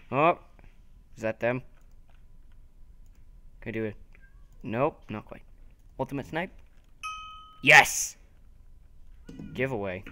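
A young man giving excited, taunting commentary over his own gameplay, talking to himself as he plays. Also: medium pitch. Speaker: gaming video host.

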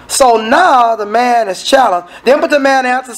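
A man's voice: very high-pitched, animated, brisk, rough recording. Folksy preacher man. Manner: conversational, acts out the people in the scripture; folksy, colloquial asides to the congregation. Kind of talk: sermon.

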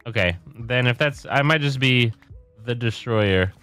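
A man's voice: mid-range voice, a little slow, a bit bright, smooth, faint music behind. Easygoing man gaming friend. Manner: easygoing, laughs a lot. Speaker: co-player. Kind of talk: casual gaming chat.

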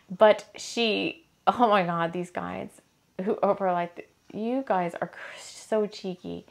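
A woman reading oracle cards in a casual, gushing way, laughing often as she talks about her decks and her books. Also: mid-range voice. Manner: gushing and excitable, quick to laugh. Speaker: spiritual energy reader and deck author.

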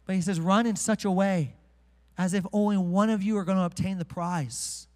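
A man preaching a sermon to a live congregation, energetic and joking, slowing way down to read scripture. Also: sits high, in a large hall. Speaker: pastor. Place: church sanctuary with congregation.

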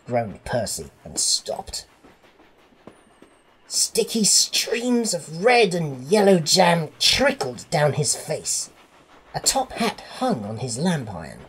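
Male storyteller reading a children's tale, slow and lively in pitch, deep for his voice. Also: breathy edge. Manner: expressive, unhurried.

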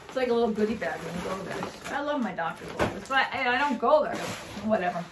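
A woman's voice: medium pitch, fast talker, background noise. Chatty New Jersey woman in an echoey room. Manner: animated, swears, acts out quoted exchanges. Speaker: vlogger. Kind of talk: casual chatty storytelling.

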